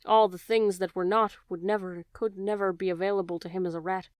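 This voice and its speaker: Woman narrator, children's audiobook, smooth resonant voice, dry close sound. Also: medium pitch, dry recording. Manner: measured, expressive storytelling.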